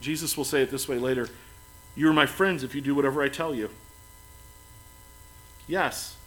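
A man preaching a sermon as pastor, earnest, building to emphatic lines and then dropping soft and quiet. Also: medium pitch, normal speed, low-quality recording.

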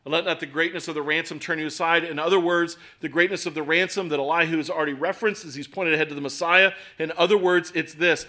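A man in his forties preaching a sermon in a conversational, self-deprecating way, with swings between loud and soft. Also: a little high, fairly even intonation, quick pace, hardly any pauses. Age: 40s. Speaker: pastor.

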